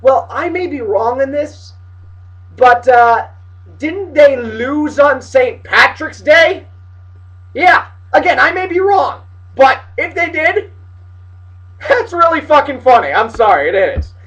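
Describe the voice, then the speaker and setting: A man delivering a comedic, profane rant to camera, swinging between shouting and muttering. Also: extremely high pitch, lively intonation, slow pace, distant mic, poor audio. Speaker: vlogger ranting about college basketball.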